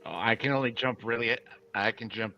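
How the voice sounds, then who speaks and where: A man playing a tabletop role-playing game, talking casually with relaxed, laughing asides. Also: mid-range voice, fairly quick, lo-fi sound, faint music behind. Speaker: player.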